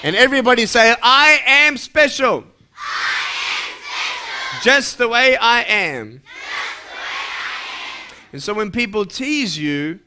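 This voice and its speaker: A man's voice: sits high, pushed and bright. A young man giving a playful motivational talk to schoolchildren, asking questions and leading them in call-and-response chants. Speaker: motivational speaker addressing schoolchildren. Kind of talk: animated interactive talk to kids.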